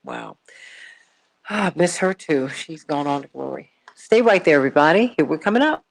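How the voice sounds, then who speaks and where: A woman's voice: low-pitched, wildly swooping pitch, normal speed, vocal fry. A woman hosting a morning talk radio show from a studio, chatty and exclamatory, often repeating her words.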